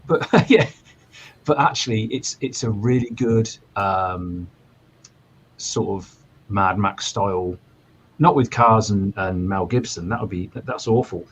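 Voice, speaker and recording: A man's voice: fairly low pitch, unhurried, breathy edge, highs cut off. A self-deprecating man, a podcast guest in casual chat. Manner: self-deprecating, laid-back.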